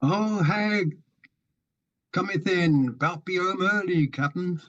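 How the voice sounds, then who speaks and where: A man's voice: sits high, slow pace, a bit bright, dull audio. A man playing Job, an 1850s Cornish fisherman, in a broad Cornish accent with old-fashioned dialect. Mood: earnest.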